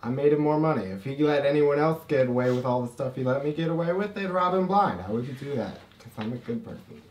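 A man improvises his character in a murder mystery party game with playful, giggly teasing. He sits back from the mic in an echoey room with a faint hiss, and his pitch rises and falls widely. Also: expressive, fast, distant mic. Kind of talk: in-character improv among friends.

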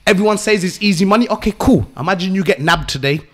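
A man's voice: sits high, quick pace, a bit bright. A young English man with an English accent, a guest on a podcast interview, talking bluntly with street slang and swearing, lecturing his listeners. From England. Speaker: entrepreneur guest.

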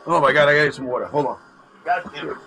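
A man guesting on a podcast in casual chat, playful and animated, joking around. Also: a little high, rapid-fire, faint music behind, rough recording. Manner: animated, playful, tries silly voices. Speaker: podcast guest, channel host.

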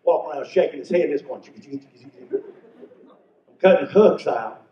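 A man's voice: on the high side, lively intonation, measured pace, a little hiss or hum. An older man from North Carolina, telling stand-up comedy stories in a folksy way. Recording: echoey venue from far off, muffled.

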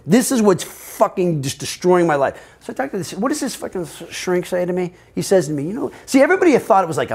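A man's voice: fairly high pitch, husky. A middle-aged American man telling his own story in an interview, rambling and profane, often quoting other people. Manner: profane, rambling, animated, quotes others in voices. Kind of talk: candid personal storytelling.

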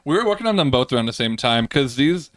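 A man's voice: medium pitch, big pitch swings, fast, no room sound. A man in a band talking casually over their album on a livestream, reading chat and thanking viewers. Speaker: band member.

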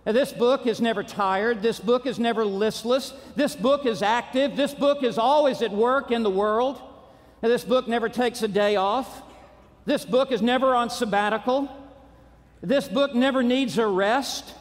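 A man with a very high voice preaches from a pulpit, hammering short repeated phrases and rising to shouts. His words ring out with the long reverb of a large auditorium. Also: moderate pace. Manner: emphatic, punchy repetition with rising shouts. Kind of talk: conference sermon.

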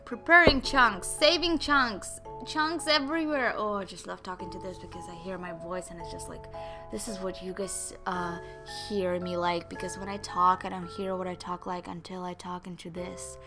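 A gaming YouTuber, a woman with a fairly low, flat voice, speaks at normal speed over background music. She sounds slightly sick as she gives casual gameplay commentary, chatting to viewers and talking at the game with sudden exclamations.

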